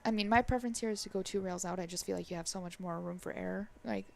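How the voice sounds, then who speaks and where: A woman's voice: mid-range voice, steady tone, quick pace, vocal fry, background noise. A woman commentating a live pool match in a chatty way, often checking in with "right?". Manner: chatty, tags lines with "right?".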